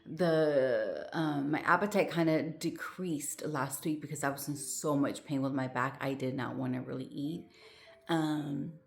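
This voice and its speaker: A woman's voice: deep voice, a little slow, creaky. A woman chatting casually to her viewers, rambling with lots of fillers and restarts, sounding short of breath. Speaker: vlogger. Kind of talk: casual chat to camera.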